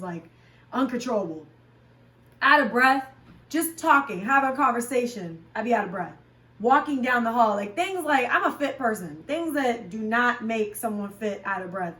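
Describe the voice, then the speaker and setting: She's a fitness vlogger and class instructor, chatting frankly at normal speed and ordinary pitch, with frequent ums and likes. Recorded from a little way off the mic, her voice carries a noticeable room echo.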